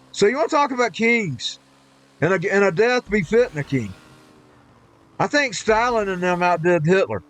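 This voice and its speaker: A man's voice: high voice, a bit bright. Indignant, rambling male streamer. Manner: indignant, rambling, restarts his sentences. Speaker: live streamer. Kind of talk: rambling rant during a game stream.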